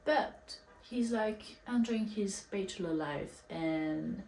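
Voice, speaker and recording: Slow, chatty young woman in an echoey room. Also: medium pitch, creaky, a little mellow. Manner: chatty, acts out quotes, filler "like". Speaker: book reviewer. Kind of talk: casual plot summary. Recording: echoey room, faint hiss.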